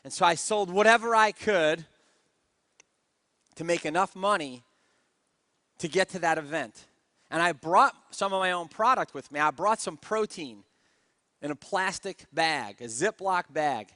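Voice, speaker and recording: A man, a network marketing speaker, telling his story in a lively motivational talk and often asking the audience questions. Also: high-pitched, measured pace, pauses often, dry recording, clean studio sound. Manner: energetic storyteller who keeps asking the crowd.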